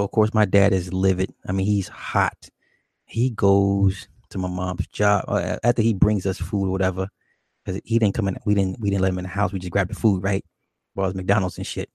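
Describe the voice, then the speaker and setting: A man's voice: low voice, darkish tone, slightly rough, no room sound, clean studio sound. A man hosting a call-in show, telling a childhood story in a laid-back, profane way and laughing often. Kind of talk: casual late-night call-in storytelling.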